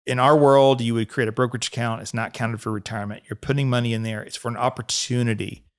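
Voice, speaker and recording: A man hosting a casual podcast as a financial advisor. He talks in a relaxed, conversational way, often laughs and restarts his sentences. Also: medium pitch, fast.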